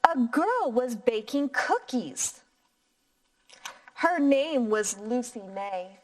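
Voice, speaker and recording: A woman teacher reading a picture book aloud to young children in a clear, encouraging voice. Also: on the high side, animated. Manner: slow, clear, encouraging teacher voice with sing-song inflection.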